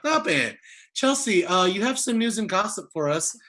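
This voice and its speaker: A man hosting a casual reality-TV recap show, playful and animated. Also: high-pitched, normal speed, a crowd in the background, poor audio. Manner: animated, playful, drops into impressions. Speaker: host.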